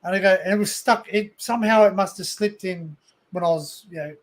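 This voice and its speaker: An Australian man with a notably high speaking voice tells rambling stories full of asides in a loose, unscripted chat he hosts. He talks into a desktop mic on a streamed call. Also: fairly quick. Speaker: live stream host. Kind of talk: casual group chat. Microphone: desktop USB mic on a stream call.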